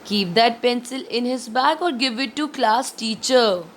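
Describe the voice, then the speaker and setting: A woman teacher giving a classroom lesson, asking students questions and explaining slowly. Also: fairly high pitch, a little hiss or hum. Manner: slow, questioning, addresses students directly. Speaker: school teacher.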